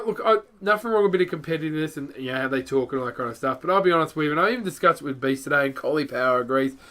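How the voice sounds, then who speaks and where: A man rambling bluntly and excitably over his gameplay, as a gaming YouTuber. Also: fairly high pitch. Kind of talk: casual gameplay commentary.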